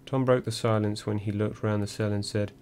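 A man reading a first-person memoir audiobook in a measured, dry storytelling manner. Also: fairly low pitch, little pitch movement, darkish tone, a little hiss or hum. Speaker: audiobook narrator.

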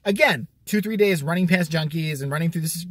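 Man, higher voice, sarcastic swearing ranter, exasperated comic delivery. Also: a little fast, dry recording. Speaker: vlogger. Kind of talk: profane comic rant.

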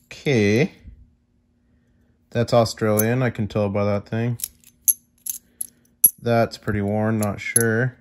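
Unboxing for his audience, a young man who vlogs about coin collecting talks in a chatty, easily impressed way, addressing viewers directly with exclamations and questions. He has a medium-pitched, fairly bright voice, and the audio carries a little hiss or hum.

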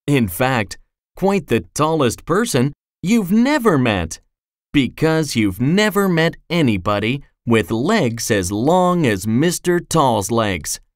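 A storyteller reading a children's storybook aloud in a slow, expressive way. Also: medium pitch, no room sound, studio quality. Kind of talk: scripted storybook narration.

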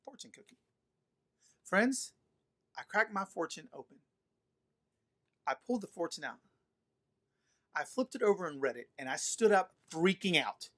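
A man preaching a sermon to an online congregation, telling stories in a playful, animated way and speaking straight to his listeners. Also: sits high, moderate pace, pauses often. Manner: animated, playful, addresses audience directly. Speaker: pastor. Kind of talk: sermon storytelling. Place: livestream during quarantine.

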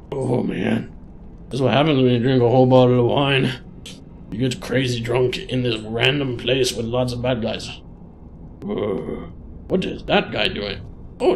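Man, gaming host, let's play commentary, thinking aloud, slow delivery. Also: mid-range voice, a little mellow, a little hiss or hum. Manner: chatty, thinks aloud while playing.

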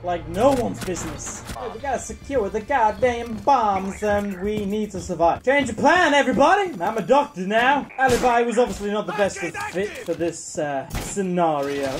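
A woman giving live gameplay commentary, excitable, shouting and swearing at the game as she plays. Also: medium pitch, moderate pace, hardly any pauses, soft background music. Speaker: gaming YouTuber.

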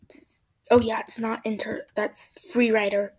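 Woman, let's play commentator: excitable, high and slightly husky, prone to whispered asides. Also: a little slow. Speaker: gameplay commentator.

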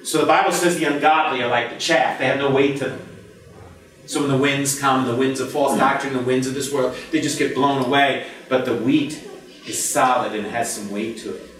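A man preaching a lively, conversational sermon as pastor, joking with the congregation and breaking into shouts. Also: medium pitch, moderate pace, distant mic. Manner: animated, jokey, bursts into shouts. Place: church sanctuary. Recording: echoey church from the back.

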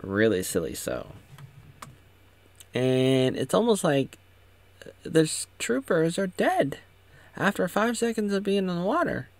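A man's voice: sits high, huge pitch swings, unhurried, pauses often, no echo. A man giving casual, sarcastic commentary, rambling with many restarts. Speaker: show recap commentator.

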